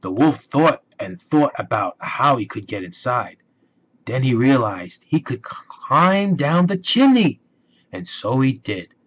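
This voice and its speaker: A man reading a children's storybook aloud, slow and expressive. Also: medium pitch, slight background noise. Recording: dull lo-fi recording.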